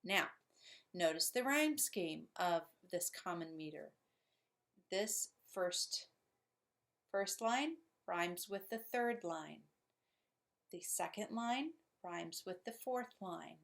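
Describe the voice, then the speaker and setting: A woman's voice: on the low side, lively intonation, slow pace, creaky. A middle-aged woman teacher giving a poetry lesson, explaining patiently with little chuckles.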